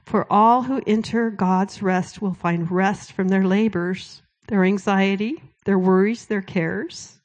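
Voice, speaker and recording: A woman giving a sermon-style testimony, telling a story in a conversational way and dropping to a hushed whisper for quoted words. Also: medium pitch, fairly even intonation, slow, few pauses. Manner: storytelling, drops to a hushed whisper when quoting God. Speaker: speaker at a Christian event.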